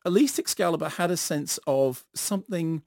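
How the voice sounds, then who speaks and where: Ranting gravelly man reviewing films. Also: a little high, animated, normal speed, darkish tone, no room sound, studio quality. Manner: ranting, sardonic, acts out bits in silly voices. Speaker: film critic. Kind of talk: animated film review on a radio podcast. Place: radio studio.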